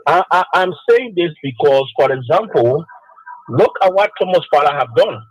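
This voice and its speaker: A man's voice: a little high, animated, moderate pace, husky, no room sound, lo-fi sound. A man calling in to give political commentary, speaking insistently and repeating his points. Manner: insistent and repetitive. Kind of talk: radio call-in commentary.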